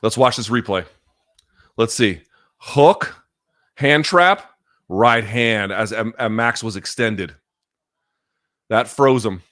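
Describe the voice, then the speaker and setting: A man hosting a live fight watchalong, going from loud excited outbursts to quiet, emotional reflection, with plenty of swearing. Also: on the low side, slow pace, long pauses. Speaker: host. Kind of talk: live fight reaction commentary.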